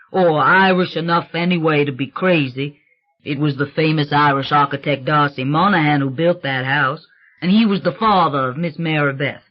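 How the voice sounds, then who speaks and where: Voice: medium pitch, highs cut off, natural voice. An audiobook reader voicing a husband who tells wry, gossipy funeral stories.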